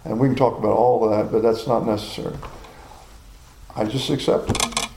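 A man's voice: mid-range voice, steady tone, normal speed, vocal fry, echoey room, background noise. A man in his sixties preaching a sermon in a folksy, personal storytelling way. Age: 60s.

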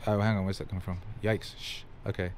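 A man with a low voice hosts a motivational livestream, building to emphatic, exclamatory bursts and swearing freely. He stops now and then to read out viewer comments. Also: level tone, fast. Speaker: livestream host.

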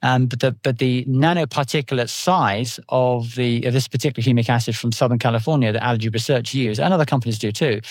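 Fast-talking British man on a podcast. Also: mid-range voice, fairly even intonation, no echo. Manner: rambling, anecdotal explanations. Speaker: nutritional therapist guest. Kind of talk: podcast interview.

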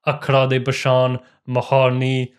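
A young man, telling stories in casual chat, animated and quick to laugh. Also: medium pitch, smooth. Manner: animated, laughs often, slangy. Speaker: podcast co-host.

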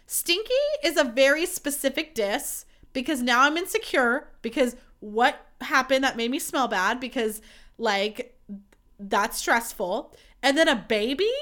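A woman's voice: high-pitched, expressive, moderate pace, fairly bright tone. A young woman hosting her own podcast, chatting candidly and swearing freely in a self-mocking way. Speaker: podcast host. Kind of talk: casual solo podcast chat.

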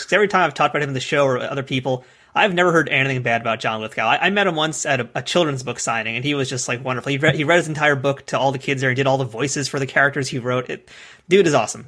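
A man's voice: medium pitch, racing, bright, forceful tone. A man hosting an interview podcast, casual and enthusiastic as he sets up questions. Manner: enthusiastic, conversational. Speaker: podcast host.

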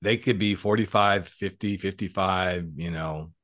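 A man over forty hosts a casual podcast interview with a lowish voice and plenty of upbeat chatter. He talks to his listeners like friends and cheers his guest on. The recording is dry and close, with no room sound. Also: fairly even intonation, measured pace, fairly bright tone, no echo. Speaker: podcast host and coach.

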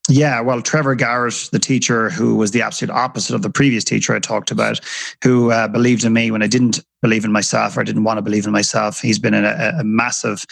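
Gravelly, husky-voiced man telling a story. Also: fairly low pitch, flat delivery, fast, a bit bright, dry recording, poor audio. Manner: earnest, repeats words as he thinks. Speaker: podcast guest. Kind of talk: reflective storytelling in conversation.

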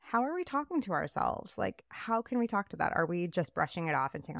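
A woman co-hosting a casual podcast chat, talking in an animated way and acting out the voices she quotes. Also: mid-range voice, a little fast, vocal fry, few pauses, no room sound, studio quality. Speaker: podcast co-host.

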